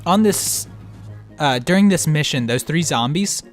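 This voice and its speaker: A man's voice: a little high, expressive, unhurried. Laid-back swearing man over game music. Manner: laid-back, swears freely, laughs often. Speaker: let's play co-host. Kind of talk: casual gameplay chat.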